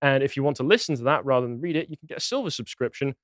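A man co-hosting a podcast, mid-pitched and close on a dry, dead mic. He talks earnestly with a dry, wry streak of humour. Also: expressive, rapid-fire, dry recording. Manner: earnest, then dryly jokey. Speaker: podcast co-host. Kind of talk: casual chat.

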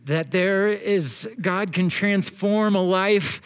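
Earnest preacher, high voice, slow delivery. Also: male voice, clean tone. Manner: earnest, exhorting, with slow emphatic phrasing. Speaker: pastor. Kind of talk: sermon.

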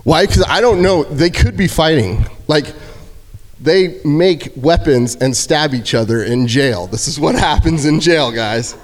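A man giving a casual youth sermon in a church, joking and acting out shouted quotes. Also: on the high side, unhurried. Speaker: youth speaker. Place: church sanctuary. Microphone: handheld microphone. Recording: hall reverb.

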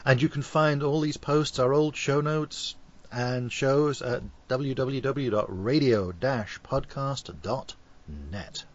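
A man's voice: medium pitch, slow pace, lo-fi sound. A man with a Liverpool Scouse accent, co-hosting a podcast in casual, joking chat. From Liverpool, England. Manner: joking, playful banter. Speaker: podcast co-host.

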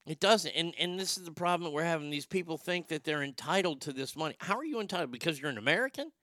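A man's voice: on the high side, animated, fast talker, bright, forceful tone, no room sound, clean studio sound. A man hosting a vlog, ranting in a crude, opinionated monologue and stammering over his words. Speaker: vlog host.

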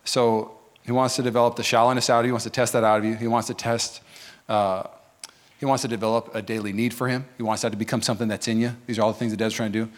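A male pastor preaching a sermon to a church congregation, animated and acting out the voices of the people he quotes. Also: lowish voice. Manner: animated, acts out quoted voices, quick asides. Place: church service.

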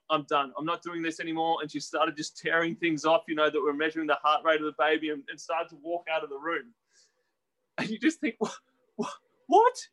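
A man delivers a sermon in a bright, fairly high voice. He talks in a conversational way, asking his listeners questions and acting out the quoted voices with lively shifts in pitch. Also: rough recording. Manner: animated, acts out quoted voices with rising pitch. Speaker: preacher.

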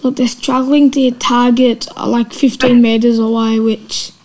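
A woman's voice: on the high side, little pitch movement, moderate pace, a little mellow, rough recording. A young vlogger talking earnestly to camera in a played clip, voice of a woman or girl. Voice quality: childlike, earnest. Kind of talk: casual vlog talk.

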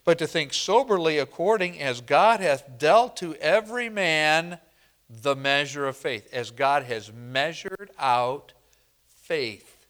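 Male pastor, slow deliberate sermon delivery, higher voice, call-and-response style. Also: animated, fairly bright tone. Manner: slow, emphatic preaching with call-and-response questions.

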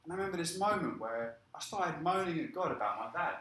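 Bright-voiced preacher in echoey hall. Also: male voice, a little high, fast talker. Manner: lively storytelling, acting out quoted speech. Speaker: pastor. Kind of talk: sermon with personal testimony.

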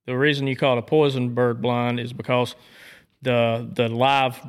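A man from Georgia with a Southern accent, explaining dog training in a casual chat, measured and steady. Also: medium pitch, clear, resonant tone. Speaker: dog trainer and duck hunter.

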